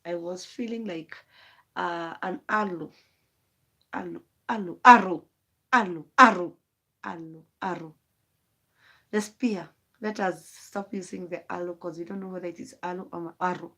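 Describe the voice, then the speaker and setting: A woman's voice: on the low side, fairly even intonation, normal speed. A rambling woman. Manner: rambling, emotional, wandering thoughts. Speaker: vlogger. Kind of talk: late-night live stream monologue.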